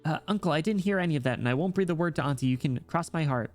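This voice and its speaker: A man's voice: on the high side, rapid-fire, pitched above the performer's own voice, natural voice. A man voicing a cheeky, teasing young noble in a game story, in a lifted mock-British voice over faint music.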